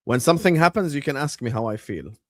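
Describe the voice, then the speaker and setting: A man hosting a casual live watchalong, chatty and bursting into excited shouts. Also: mid-range voice, quick pace, no echo, studio quality. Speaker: livestream host.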